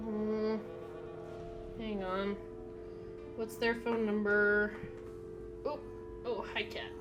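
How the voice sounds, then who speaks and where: A woman's voice: mid-range voice, level tone, extremely slow, music in the background. A woman streaming a video game at home, chatting casually, reading text aloud and talking to her cat. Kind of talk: casual live gameplay commentary.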